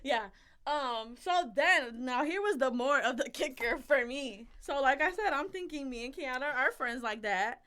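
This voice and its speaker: A woman's voice: high voice, unhurried, clean tone. A young woman co-hosting a podcast, telling a story in casual chat, acting out quotes with lots of swearing. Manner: animated storytelling, acts out quotes, swears a lot. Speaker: podcast co-host.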